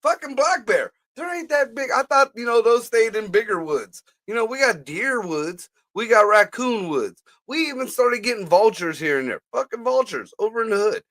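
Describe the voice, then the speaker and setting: A man's voice: extremely high pitch, animated, normal speed, hardly any pauses, fairly bright tone. A man co-hosting a live stream, telling loose, profane stories in casual slang. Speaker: podcast co-host. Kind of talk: casual chat.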